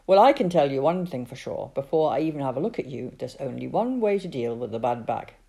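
A woman voicing a brisk, no-nonsense male doctor who talks in a brusque, quick manner. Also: extremely low pitch, expressive, vocal fry, dark tone, breathy edge, exaggerated voice.

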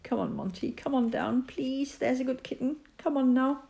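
A woman reading a story aloud, voicing a cheeky young boy who talks softly and soothingly to a frightened kitten. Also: sits high, normal speed, creaky, pitched above the performer's own voice. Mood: soothing coaxing. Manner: soft, coaxing, a bit sullen with parents. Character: young teenage boy, cheeky but caring.

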